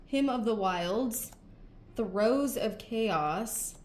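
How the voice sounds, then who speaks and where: A woman in casual chat, briskly reading off a run of card names. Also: on the high side, a little mellow. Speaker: co-host opening card packs. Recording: echoey room, faint background noise.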